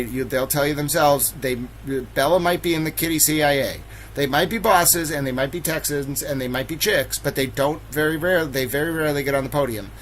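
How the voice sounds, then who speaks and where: A man's voice: medium pitch, fairly bright tone, a little hiss or hum, poor audio. A man hosting a trivia game on a livestream, playful and theatrical, hamming up mock outrage. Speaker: livestream host running trivia. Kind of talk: casual livestream chat.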